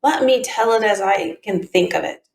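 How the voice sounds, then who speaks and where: A woman reading the answers of a plain-spoken man giving testimony, in an even, matter-of-fact way, with a tinny, echoey sound. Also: medium pitch, moderate pace, vocal fry. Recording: tinny echoey home recording.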